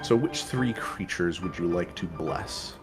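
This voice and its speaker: A man's voice: sits low, lively intonation, unhurried. A man acting as dungeon master, running a tabletop game and methodically explaining rules and dice rolls step by step, with music playing underneath. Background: background music.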